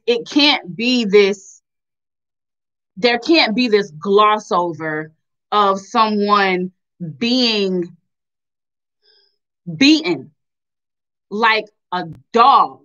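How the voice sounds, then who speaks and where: A woman's voice: a little high, pushed and bright, muffled recording. A young woman from Tennessee giving impassioned commentary, emphatic and repeating phrases for stress. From Chattanooga, Tennessee. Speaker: vlogger.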